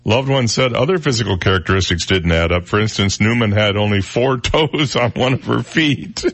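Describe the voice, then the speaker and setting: Lively, joking man on radio. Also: lowish voice, normal speed. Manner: jokey, laughs while reading news stories aloud. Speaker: radio co-host. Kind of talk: casual morning radio banter. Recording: radio broadcast.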